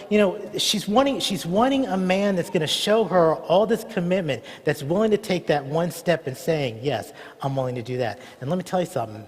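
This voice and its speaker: A man's voice: on the high side, in a large hall. A male pastor preaching a sermon in a conversational, storytelling way, often asking the congregation questions.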